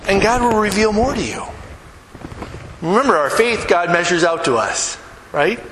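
A middle-aged man, a pastor, preaching a sermon in a church hall, animated, acting out little scenes and quizzing the congregation. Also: sits high, moderate pace, slight background noise. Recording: echoey hall with long reverb.

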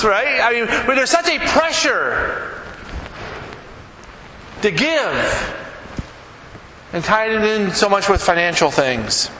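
A man's voice: very high voice, bright, forceful tone, slight background noise. A middle-aged man preaching a conversational sermon as a pastor, asking the congregation questions. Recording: echoey hall with long reverb.

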